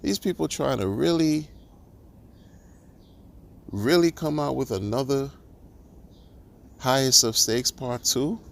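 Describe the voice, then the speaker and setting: A man's voice: medium pitch, takes it slowly, creaky, long pauses. A man ranting in a monologue, exasperated and sarcastic, firing off rhetorical questions and restarting his sentences. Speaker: crypto commentator.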